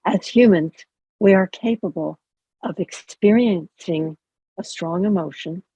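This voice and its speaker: A woman chaplain calmly teaching a mindfulness practice over a video call, conversational and gently humorous. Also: lowish voice, unhurried, husky, dry recording. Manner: calm, conversational, gently explaining with light humor. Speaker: chaplain and educator. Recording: dull lo-fi video call audio.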